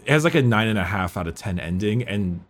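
A man co-hosting a podcast chats casually about a book, rambling with frequent restarts and fillers. His voice is lowish, animated and fast, with a little hiss or hum in the background.

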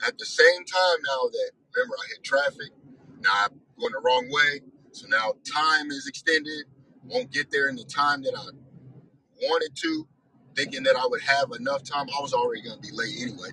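A man's voice: mid-range voice, normal speed, sharp tone, a little hiss or hum, poor audio. A man hosting a weekly discussion, telling a story in a casual monologue with exasperated, profane and self-reflective talk.

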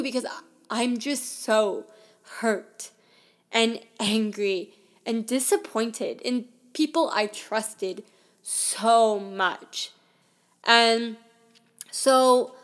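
A woman's voice: fairly high pitch, fairly bright tone. A woman in her twenties telling a personal story as a podcast host, in a candid, conversational way full of "like" and "I mean.".

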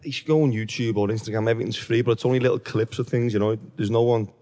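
A man's voice: mid-range voice, level tone, racing, mellow, in a large hall. A man who works as a fitness trainer, a guest in a casual chat, talking plainly in short matter-of-fact remarks.

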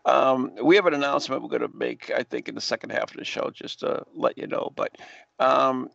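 A man hosting a talk show, chatting casually with animated interjections and frequent laughs and a gravelly voice. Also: medium pitch, fairly quick, no room sound. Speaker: podcast host. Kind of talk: casual chat. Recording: dry dull lo-fi audio.

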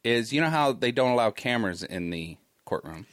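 A man hosts a casual talk show news segment, reading items aloud and adding wry remarks. His medium-pitched voice is fairly bright, with lively intonation and a fairly quick pace, recorded in studio quality with no room sound.

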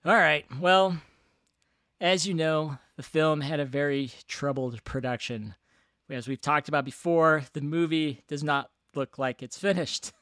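A man co-hosting a casual movie podcast, calmly explaining a film's production history. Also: on the high side, measured pace, no echo, studio quality. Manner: relaxed, explaining film history. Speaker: podcast co-host.

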